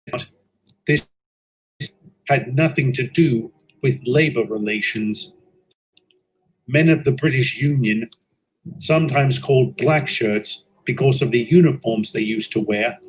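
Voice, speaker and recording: Slow, solemn male storyteller. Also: medium pitch, slightly rough, low-quality recording. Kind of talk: scripted narration.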